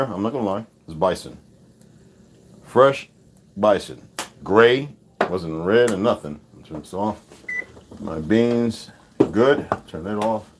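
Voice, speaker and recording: Male home-kitchen streamer, speech, animated up-and-down delivery, rambling asides to chat. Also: on the low side, a little hiss or hum. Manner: talks to viewers in chatty asides, mutters to himself. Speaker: live streamer. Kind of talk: casual live-stream chat while cooking.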